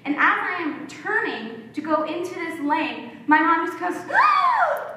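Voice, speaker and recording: A woman pastor preaching a sermon in a lively storytelling manner, recorded in an echoey church hall. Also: very high-pitched, measured pace, distant mic. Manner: lively storytelling, acts out quotes.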